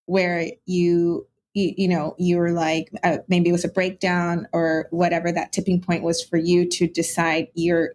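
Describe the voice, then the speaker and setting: A woman's voice: on the low side, a little mellow, slight background noise. A woman hosting a casual interview, asking long, searching questions in a friendly, rambling way. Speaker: podcast host.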